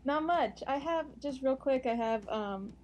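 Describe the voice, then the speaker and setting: A woman's voice: high voice, animated, unhurried, darkish tone. A woman calling in to a radio show, chatting and giggling often. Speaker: caller. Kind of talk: casual call-in chat.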